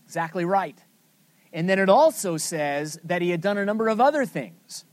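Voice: medium pitch, animated, normal speed, darkish tone, dry recording. A Bible study teacher leading a scripture lesson, asking the group questions and then answering them with emphasis.

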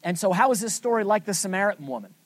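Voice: mid-range voice, lively intonation, very fast, no echo. A Bible study teacher leading a scripture lesson, asking the group questions and then answering them with emphasis.

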